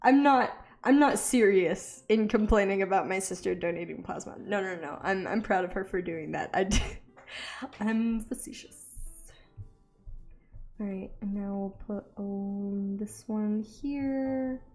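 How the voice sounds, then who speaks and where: A young woman chatting casually as she draws for a video, self-deprecating and quick to laugh. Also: medium pitch, darkish tone, faint music behind. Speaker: art vlogger. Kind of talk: casual chat while drawing.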